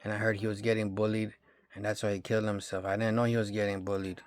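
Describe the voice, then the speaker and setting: A man's voice: lowish voice, level tone, quick pace. Slangy man telling a rambling story. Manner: slangy, profane, rambling street talk. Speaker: vlogger. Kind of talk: casual storytelling monologue.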